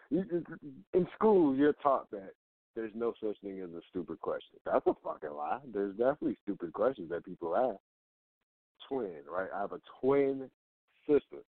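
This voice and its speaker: A low-voiced man rants bluntly and profanely, circling back to the same complaints with question after question. His voice is dry and close, squeezed into a thin, phone-like band. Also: no echo. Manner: blunt, profane and repetitive, hammering each point with rhetorical questions. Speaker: host of a rant show. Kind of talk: casual profane rant. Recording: dry, tinny phone-like sound.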